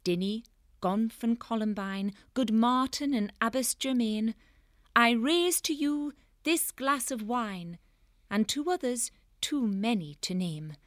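A man's voice: very high voice, slow pace, a bit bright, no room sound, clean studio sound, voice pushed up, full character voice. A man voicing a stern but kindly old female abbess creature in a storybook reading, with a solemn, ceremonial manner. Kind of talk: audiobook character voice.

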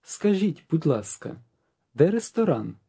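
Man, fairly high voice, mellow and husky, wide intonation, emphatic model phrases. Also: sing-song, unhurried. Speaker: native-speaker model in a language course. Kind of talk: model pronunciation for repetition.

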